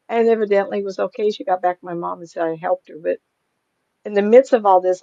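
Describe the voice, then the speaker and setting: A woman's voice: medium pitch, fairly even intonation, fairly quick, creaky, dark tone, dry recording, lo-fi sound. An older woman, a psychic medium, chatting casually in an interview, rambling through stories and laughing often.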